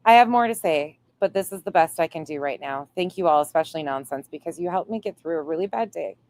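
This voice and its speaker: A woman's voice: sits low, fast talker, darkish tone. A woman hosting a casual livestream, reading viewer comments aloud and swearing playfully. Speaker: livestream host reading chat.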